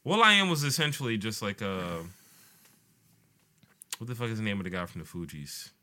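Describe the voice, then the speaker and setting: A man's voice: on the low side, very animated, normal speed, pushed and bright. A man in a casual chat, telling stories with slang and acting out the voices of people in them. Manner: storytelling, slangy, acts out voices in quotes.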